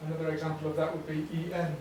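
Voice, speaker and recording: A man leading a teacher workshop, explaining teaching ideas in a relaxed way with fillers and restarts. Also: fairly high pitch, very fast, background noise. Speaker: workshop trainer. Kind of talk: teacher training talk. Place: workshop room. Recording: echoey room, distant mic.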